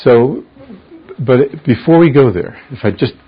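Husky, slow-talking male Bible teacher. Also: medium pitch, expressive. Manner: explains word meanings, poses questions to the class. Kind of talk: verse-by-verse Bible study teaching. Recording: dull lo-fi recording.

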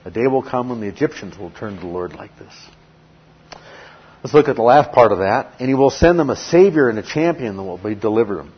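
A man's voice: medium pitch, husky. A man preaching a verse-by-verse sermon as a Bible teacher, emphatic, reading scripture and asking and answering his own questions. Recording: dull lo-fi recording.

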